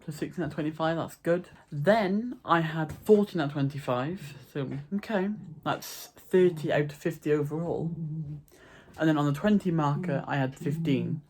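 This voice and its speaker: A man's voice: a little high, moderate pace, a little mellow. A young man, chatting casually to camera from his bedroom in a rambling, self-deprecating way. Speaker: vlogger.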